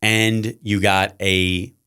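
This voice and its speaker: A middle-aged man, a high school teacher as podcast guest, telling long anecdotes and acting out the dialogue. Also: level tone, very slow, sharp tone, clean tone. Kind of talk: casual podcast storytelling.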